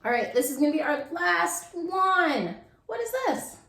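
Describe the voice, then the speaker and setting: A woman teaching a children's phonics lesson in a playful, sing-song way, slowly sounding out letters. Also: very high-pitched, very animated, fairly bright tone. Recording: echoey room.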